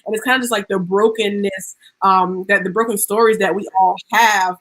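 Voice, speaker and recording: A woman's voice: medium pitch, fairly even intonation, moderate pace, a bit bright, rough recording. A woman host and painter speaking casually and enthusiastically, full of praise and slang. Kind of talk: casual, lively hosting.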